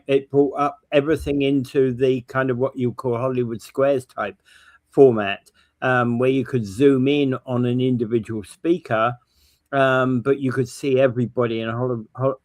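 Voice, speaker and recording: A man's voice: mid-range voice, fairly even intonation, normal speed, darkish tone. Man explaining tech on a talk show. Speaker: co-host. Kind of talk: casual chat.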